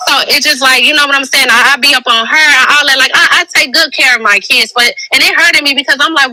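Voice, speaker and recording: A young woman, giving an emotional interview about her children, halting and repeating herself as she holds back tears. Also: high voice, sharp tone, no room sound, rough recording. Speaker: interview guest. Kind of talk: emotional personal account.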